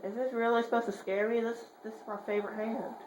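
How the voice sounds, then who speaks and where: A woman giving horror game commentary, swearing in rapid repeated bursts and joking while muttering quietly between outbursts. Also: on the high side, flat delivery. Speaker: gamer. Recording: roomy echo, faint hiss.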